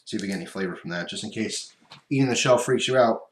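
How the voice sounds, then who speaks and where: Sitting by his computer at home, a man talks at a quick pace in a fairly low voice while unboxing and taste-testing food for his vlog. He rambles and chats with his mouth full, and the room is echoey with some background noise.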